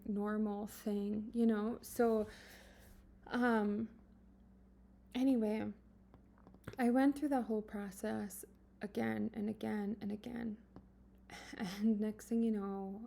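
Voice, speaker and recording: Woman, gravelly voice, mid pitch, soft and halting, confessional vlog, earnest, lots of fillers. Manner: soft-spoken, halting, full of fillers and restarts; earnest and emotional, at times dropping to a whisper. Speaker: vlogger. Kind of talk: confessional personal storytelling.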